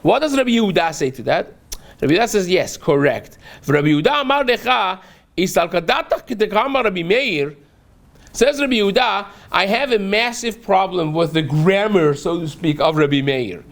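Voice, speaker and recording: A man's voice: high voice, animated, moderate pace. A man, a rabbi teaching a daily Talmud class, who reads a phrase aloud, then explains it step by step and keeps checking in with a rhetorical "right?".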